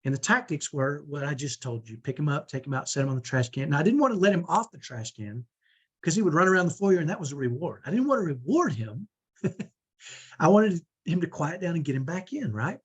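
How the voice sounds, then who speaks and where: Middle-aged male parent coach, husky and slightly high-pitched, conversational teaching delivery with frequent check-in tags. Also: sing-song, fairly quick. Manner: conversational, often ends points with "right?".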